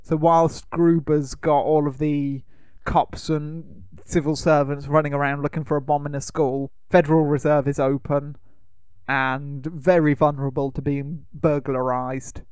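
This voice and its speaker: A man's voice: fairly high pitch, level tone, unhurried, a little mellow, clean tone, no echo, studio quality. Man casually recapping a film. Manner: rambling retelling with fillers and laughs. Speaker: podcast co-host.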